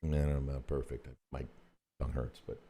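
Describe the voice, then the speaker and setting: A man's voice: very deep voice, flat delivery, moderate pace, dark tone, slightly rough. A man co-hosting a casual hobby livestream, joking in an easygoing way. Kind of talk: casual chat.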